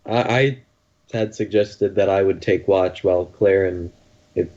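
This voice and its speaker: Low-voiced man on a lo-fi mic. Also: steady tone, a little slow, darkish tone. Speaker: player. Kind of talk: in-character game talk.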